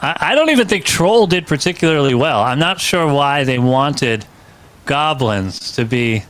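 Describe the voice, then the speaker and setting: A man's voice: a little high, animated, a little slow, a bit bright. A man co-hosting a live comedy stream, chatting casually and laughing at his own jokes. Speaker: co-host.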